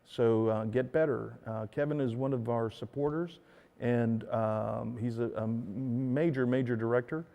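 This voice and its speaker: A man's voice: mid-range voice, fairly even intonation, unhurried, creaky, mellow. A man hosting his own show in a casual, rambling monologue, full of fillers and "dude.". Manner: rambling, filler-heavy, says "dude" often. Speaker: show host. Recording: long hall reverb.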